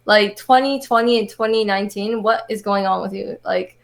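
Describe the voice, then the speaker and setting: A woman's voice: medium pitch, normal speed, creaky. A woman guesting on a streamer interview, giggly and chatty, filling her talk with "like". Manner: giggly, heavy use of "like". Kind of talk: casual interview chat.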